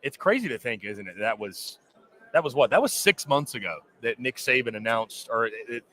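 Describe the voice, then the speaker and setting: A man's voice: mid-range voice, lively intonation, normal speed, pushed and bright. A man co-hosting a sports talk show, speaking in a loose, conversational way. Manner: conversational, loose, with fillers and restarts.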